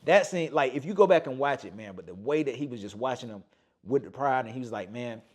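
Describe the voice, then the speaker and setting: A man's voice: mid-range voice, animated, quick pace. Guy on a podcast animatedly retelling movie scenes, acting out lines, says man a lot. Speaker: podcast host. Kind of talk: casual podcast chat.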